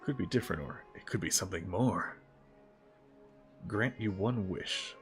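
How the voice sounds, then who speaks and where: A man's voice: sits low, normal speed, faint music behind. A man streaming a video game as a VTuber, commenting casually in a joking, offhand way with some swearing. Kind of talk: casual gameplay livestream commentary.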